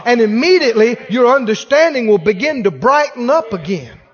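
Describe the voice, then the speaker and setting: A man preaching a sermon as pastor, exhorting the congregation and rising to shouts. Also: very high voice, lively intonation, a little fast, husky, big-room sound, highs cut off.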